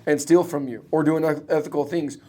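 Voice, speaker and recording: Fast-talking blunt man, slightly high voice. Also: steady tone, mellow. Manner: blunt, emphatic, swears freely. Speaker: guest, roofing business owner and coach. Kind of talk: casual podcast conversation.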